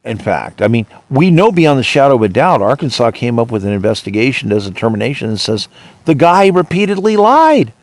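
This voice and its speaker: A man's voice: medium pitch, fast talker, few pauses, no room sound. A man hosting his own podcast, ranting indignantly and retelling his arguments with officials. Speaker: podcast host. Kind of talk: monologue.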